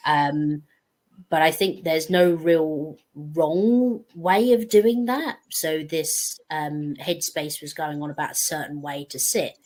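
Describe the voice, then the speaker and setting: A chatty woman with a low voice talks as a panel guest. She meanders through her points and pokes fun at herself. It is a relaxed, conversational delivery. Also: takes it slowly. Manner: chatty and meandering, self-deprecating. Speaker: guest speaker. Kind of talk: casual panel discussion.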